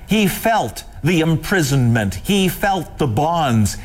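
A man preaching a sermon in a slow, impassioned manner. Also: a little high.

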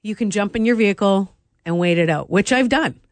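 A woman's voice: mid-range voice, brisk. A woman hosting a morning radio show in a studio, chatting casually and laughing easily. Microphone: studio microphone.

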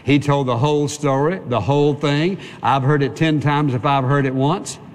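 A man's voice: fairly high pitch, steady tone, normal speed, a little hiss or hum. Preaching man in a reverberant hall. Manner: earnest, conversational preaching with repetition. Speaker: pastor. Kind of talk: sermon. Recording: long reverb of a big hall.

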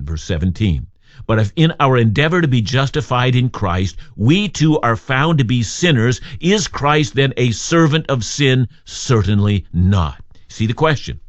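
A man delivering a radio Bible sermon with earnest emphasis, his pitch rising and falling widely as he presses rhetorical questions. The sound is dry and close, with a slightly muffled, lo-fi edge. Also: no echo.

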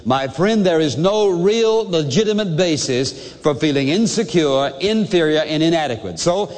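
A man's voice: on the high side, lively intonation, moderate pace, darkish tone, long reverb tail. An older man preaching a sermon as pastor, emphatic and asking his listeners questions.

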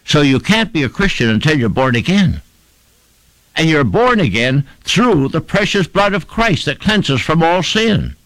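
In an unhurried, slightly high voice, a male preacher delivers a sermon that rises and falls vividly. Key words get heavy emphasis, and repeated phrases pile up into rhythmic lists. The sound is close and dry, with hardly any room echo.

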